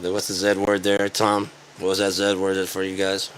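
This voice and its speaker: A man's voice: low voice, monotone, moderate pace, a little hiss or hum. A man ranting in a sarcastic, rambling and profane way, as an online commentator.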